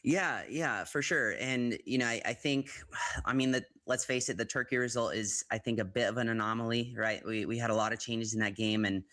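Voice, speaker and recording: A man's voice: medium pitch, fairly quick, bright, forceful tone, no room sound. A man from the United States talking football as a guest pundit on a live show, hesitant and full of fillers and restarts. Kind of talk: live football commentary chat.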